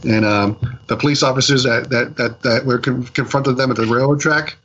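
As a podcast co-host reviewing comics, a mid-pitched man chats casually, recapping a story in a loose, rambling fashion full of fillers and restarts. When quoting people he drops into lively little voices. He speaks at normal speed with a breathy edge, and the audio sounds dull.

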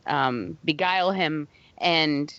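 A woman with a somewhat low voice chats about a film, emphatic and quick to laugh. The recording is dry and dull, with a lo-fi sound. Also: fairly bright tone, no room sound. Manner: giggly, emphatic, laughs often. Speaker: podcast co-host. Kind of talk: casual movie review chat.

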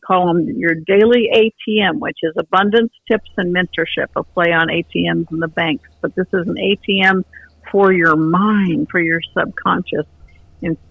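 A woman's voice: on the low side, vocal fry, breathy edge, no echo, narrow, tinny audio. A woman guest on a radio interview, talking in an upbeat, gracious way.

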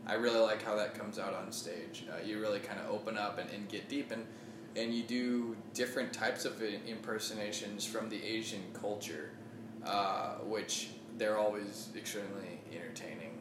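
A man's voice: on the low side, steady tone, normal speed, roomy sound, noisy background. Eager, encouraging man hosting a podcast. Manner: eager, encouraging, laughs easily. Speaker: podcast host, comedian. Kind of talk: casual podcast conversation.

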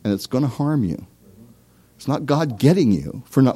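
A man's voice: medium pitch, expressive, normal speed, dark tone, husky. A man preaching a sermon in a conversational way, with asides and small laughs, asking his listeners direct questions. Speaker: pastor.

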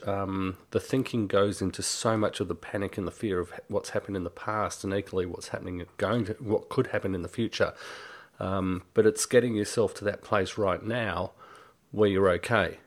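Halting man, fairly low voice, casual podcast talk. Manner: halting, searching for words. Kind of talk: podcast conversation.

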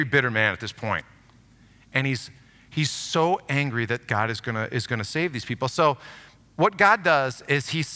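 A bright, forceful male preacher delivering a sermon in a church. He talks with animated emphasis, leaning hard into the scripture he reads aloud. His voice rings out with a long hall reverb behind it. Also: a little high. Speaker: pastor. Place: church sanctuary.

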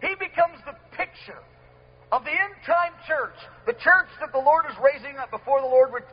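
A man preaching a sermon at a gathering, emphatic and repetitive, swinging from loud to soft. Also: very high-pitched, expressive, moderate pace. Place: gathering hall with sound system. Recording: dull lo-fi with faint hum.

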